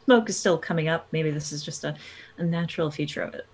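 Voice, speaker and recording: A woman narrating a tabletop game as game master, relaxed, with frequent pauses and laughs. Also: low-pitched, breathy edge, poor audio.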